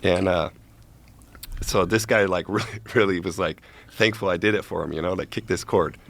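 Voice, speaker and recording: A man's voice: low-pitched, fairly even intonation, moderate pace, creaky, fairly bright tone. A man casually telling a long story as a guest, profane and rambling, checking in with "right?" as he goes.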